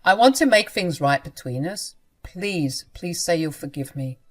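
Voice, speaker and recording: A woman voicing a gentle young husband who talks in a soft, earnest, apologetic way in a narrated story. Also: fairly low pitch, lively intonation, measured pace. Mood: pleading.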